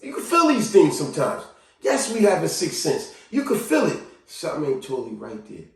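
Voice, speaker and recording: A man giving a casual motivational talk to camera, animated, acting out cheerful greetings and quiet sad confessions. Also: fairly quick, vocal fry, far from the mic. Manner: animated, acts out greetings in a higher voice and sad confessions in a low murmur. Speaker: vlogger. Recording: very echoey room, voice from off mic.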